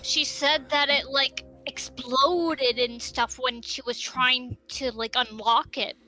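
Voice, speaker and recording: A woman's voice: sits high, fairly even intonation, slow, pushed and bright, soft background music, low-quality recording. A woman playing a tabletop role-playing game, talking hesitantly with many fillers. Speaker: player.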